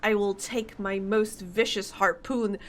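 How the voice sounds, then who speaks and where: A woman reading game dialogue aloud, voicing a gruff, superstitious old fisherman who boasts in a rustic dialect. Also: mid-range voice, steady tone, measured pace, close to an everyday voice. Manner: rustic dialect, dropping grammar.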